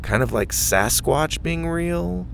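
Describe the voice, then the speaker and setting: A man's voice: a little high, animated, slow pace, creaky, a bit bright, a little hiss or hum, pitched above the performer's own voice, full character voice. Guy reading as a dry sarcastic kid, skeptical, pretty close to his own voice. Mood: teasing. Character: skeptical, joking boy, thin and teasing.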